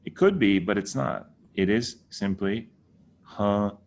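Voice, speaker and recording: A man's voice: on the low side, expressive, measured pace, gravelly, darkish tone, a little hiss or hum. A man giving a casual lesson, patiently repeating words to correct how people say them. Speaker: teacher.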